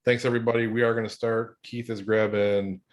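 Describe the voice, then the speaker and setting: A man's voice: on the low side, little pitch movement, fairly quick. A man co-hosting a webinar, friendly and jokey in casual chat over a video call. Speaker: webinar co-host.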